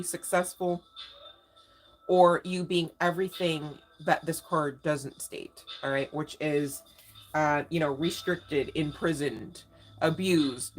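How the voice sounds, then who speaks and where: Slangy low-voiced woman reading tarot. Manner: slangy, emphatic, talks straight to viewers. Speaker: tarot reader. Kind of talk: casual live tarot reading. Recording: faint music in background.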